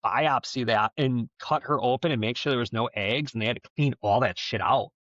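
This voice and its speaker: A man's voice: medium pitch, brisk, a bit bright, no room sound. A man co-hosting a podcast, telling a story in a rambling, profane, casual way. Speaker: podcast co-host. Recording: dull, slightly lo-fi dry sound.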